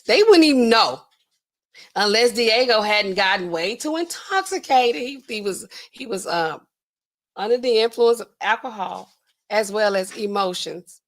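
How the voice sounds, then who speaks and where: A woman hosting a livestream in casual commentary, animated and laughing, acting out quotes in exaggerated voices. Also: medium pitch. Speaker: pharmacist livestream host.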